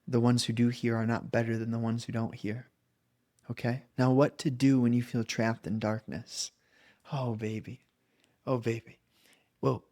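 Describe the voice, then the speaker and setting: A man's voice: medium pitch, a little mellow. Young adult man, coach, mid-range voice, earnest reflective delivery with frequent check-ins. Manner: earnest, loose, with many "right?" and "okay?" check-ins. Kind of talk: reflective monologue.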